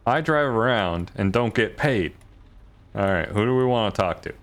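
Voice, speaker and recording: A man's voice: lowish voice, lively intonation, moderate pace. A man casually commenting while playing a game, joking and swearing, laughing often.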